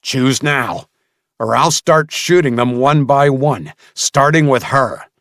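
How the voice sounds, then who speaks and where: Audiobook villain: a cruel, enraged captor who roars and growls, voiced higher and rougher, as a man puts him on. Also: lively intonation, unhurried, a bit bright, no room sound, clean studio sound, full character voice. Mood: menacing. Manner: roaring and growling. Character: enraged cruel adult male captor with a rifle.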